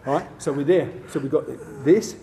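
A man's voice: on the high side, a little fast, warm tone, a little hiss or hum. A man instructing a martial arts seminar, demonstrating moves in punchy bursts and checking in with "yeah?" after each point.

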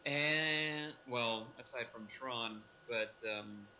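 A man's voice: medium pitch, very slow, sharp tone, rough recording. A man co-hosting a casual podcast discussion, rambling and correcting himself as he goes. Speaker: podcast co-host.

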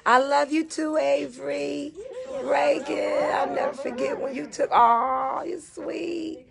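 A woman's voice: high voice, fairly even intonation, slow, creaky. A middle-aged woman on a phone livestream, emotionally thanking viewers by name in a casual, gushing way. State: teary. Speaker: gospel singer on a livestream.

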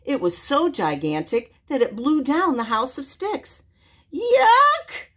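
An older woman reading a children's story aloud, expressive and animated. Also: on the high side, a little slow.

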